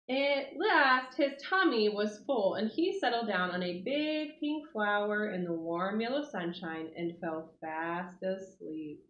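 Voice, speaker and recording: A woman reading a picture book aloud to children, with animated, expressive storytelling. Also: a little high, unhurried, few pauses. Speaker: 4-H club leader. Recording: roomy, dull lo-fi audio.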